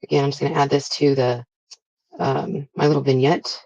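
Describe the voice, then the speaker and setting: A woman's voice: very deep voice, flat delivery, brisk, creaky, a little mellow, dry recording, highs cut off. A woman vlogger chatting casually as she walks through a crafting project step by step, with frequent fillers.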